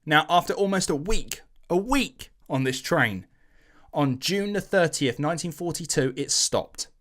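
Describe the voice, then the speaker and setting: A man hosting a podcast, telling a history story in a casual, animated way, swearing and acting out quotes in slangy voices. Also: fairly high pitch, measured pace.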